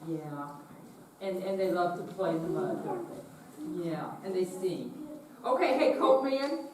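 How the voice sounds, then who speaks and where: A woman leading a children's message in church, gently asking the children questions. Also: on the low side, sing-song, measured pace. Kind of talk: children's sermon. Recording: echoey room, far from mic, noisy.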